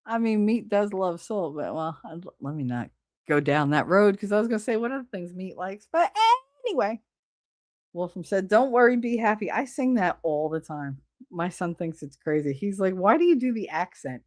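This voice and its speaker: A woman's voice: lowish voice, lively intonation, normal speed, darkish tone, dry recording, clean studio sound. A middle-aged woman hosting a live stream, chatting casually and bluntly, swearing freely while she reads viewers' comments.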